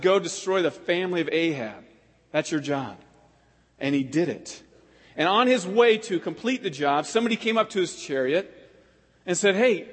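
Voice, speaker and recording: Husky-voiced impassioned male pastor. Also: sits high. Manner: impassioned, swings between loud exhortation and hushed prayer. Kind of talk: sermon. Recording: long hall reverb.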